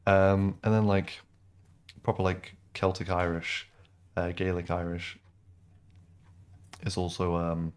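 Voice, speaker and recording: A man's voice: sits low, little pitch movement, slow, long pauses, smooth. A man chatting casually as he streams a game, rambling with lots of ums and likes. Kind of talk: casual gameplay commentary.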